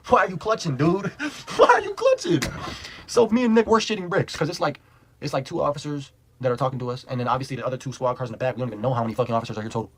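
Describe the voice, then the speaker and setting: A man's voice: mid-range voice, very fast, a little hiss or hum, poor audio. A young man telling a casual storytime, rambling and profane, full of "like", laughing as he goes. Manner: rambling, profane, heavy use of "like"; animated, laughs while telling.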